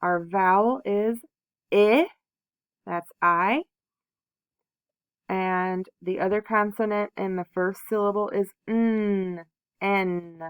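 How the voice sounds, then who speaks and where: Woman teacher doing a kids phonics lesson, slow and patient, sounds out each letter. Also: mid-range voice, smooth, dry recording. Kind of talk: phonics lesson for young children.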